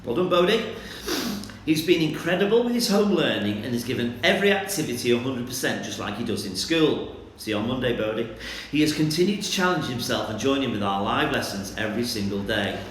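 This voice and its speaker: Lively man in an echoey room. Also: medium pitch, fairly quick, a little hiss or hum. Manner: lively, animated, playful with children. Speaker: primary school teacher leading assembly. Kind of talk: online school assembly for children.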